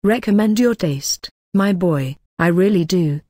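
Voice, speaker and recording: A tipsy, mocking gentleman rambles in ornate, oily phrases, as a woman reads him. The voice sits fairly low. It is recorded close and dry. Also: expressive, measured pace, no echo. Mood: rambling. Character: drunk rambling older gentleman, sly and mocking. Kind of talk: audiobook character reading.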